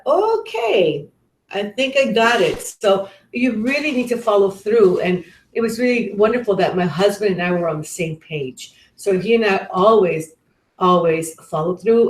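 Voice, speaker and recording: A woman's voice: mid-range voice, normal speed. A middle-aged woman giving a parenting webinar, talking earnestly and conversationally with frequent restarts. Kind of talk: webinar talk with personal stories. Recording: roomy echo.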